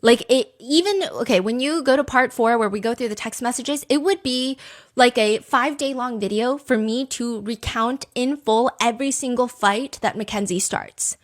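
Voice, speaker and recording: A woman hosts a true crime podcast, narrating the story casually in an emphatic, chatty style packed with asides. Her voice is on the high side, at a normal speed.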